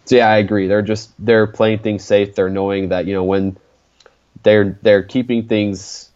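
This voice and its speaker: A young man with a lowish voice chats as a sports podcast co-host, asking questions and restarting his thoughts. His audio sounds slightly dull and lo-fi. The delivery is loose and conversational. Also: little pitch movement, moderate pace, darkish tone. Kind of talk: casual sports podcast chat.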